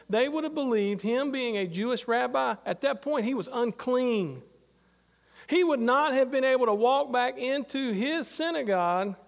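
A man's voice: very high-pitched, vocal fry, big-room sound. A middle-aged man preaching a sermon, talking in a conversational, anecdotal way full of asides. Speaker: pastor.

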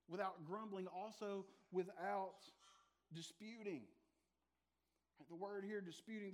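A man delivers a sermon in a relaxed, talking-with-you manner, with jokes and asides to the congregation. His voice sits a little on the high side. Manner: conversational preaching with asides and humor. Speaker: pastor.

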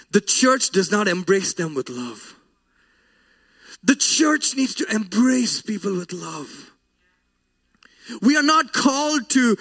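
A man with a strikingly high voice delivers a sermon. He is earnest and emotional, and his voice often breaks with feeling as he weaves a personal story into the message. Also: fairly bright tone. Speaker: preacher.

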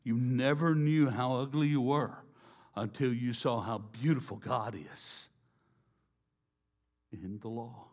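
A man preaching a sermon, slow and deliberate, dropping to a hush on key phrases. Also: mid-range voice, fairly even intonation. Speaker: pastor.

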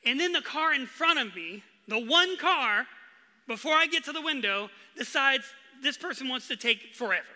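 Lively preacher in an echoing hall. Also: male voice, very high voice, moderate pace. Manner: animated storytelling, acting out his own frustration loudly. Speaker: pastor. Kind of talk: sermon. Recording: long reverb of a large hall.

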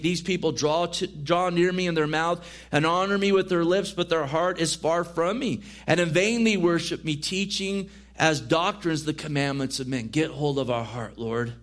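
Male pastor, sermon, slightly high voice, earnest, emphatic scripture reading. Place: church.

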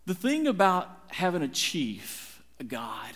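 A middle-aged man preaching a sermon, telling a story with dramatic, animated swings in his voice. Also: slow pace. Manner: animated, dramatic retelling with big swings in pitch. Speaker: pastor.

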